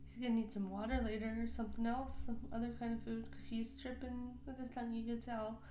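A woman's voice: a little high, flat delivery, quick pace. A young woman hosting a casual reaction video, chatty and giggly, voicing what the pets might think. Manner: giggly, chatty, voices pets' thoughts. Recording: echoey room with faint noise.

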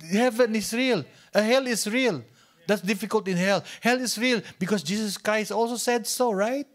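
With a high voice and a Filipino accent, a male pastor preaches, alternating between soft near-whispers and loud, emphatic declarations while often repeating himself and restarting phrases.

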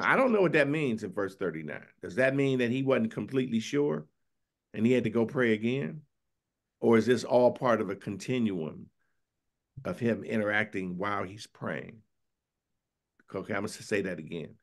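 With a medium-pitched male voice, a bishop preaches a Bible study sermon that feels like a conversation full of questions. He keeps adding "right?" after his points, and when he reads scripture he draws it out slowly.

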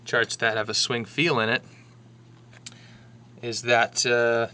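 A man's voice: mid-range voice, takes it slowly, a little hiss or hum. A man teaching drums, talking casually through a sheet of music and counting beats aloud. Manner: relaxed and chatty, counting beats aloud, brief excited asides. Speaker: drum teacher.

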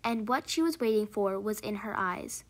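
A woman narrating a short story aloud in a measured, expressive reading. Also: mid-range voice.

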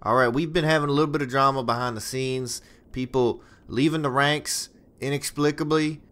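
A man's voice: mid-range voice, fairly even intonation, normal speed, fairly bright tone, lightly acted. A man voicing a folksy, crude male mercenary boss who hands out contracts in a drawling, friendly way.

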